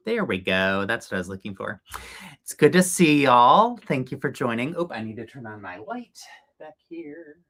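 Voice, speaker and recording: Male livestream host, chatty and upbeat, bright tone, lots of filler words. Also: medium pitch. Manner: chatty, upbeat, many ums. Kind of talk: casual livestream chat.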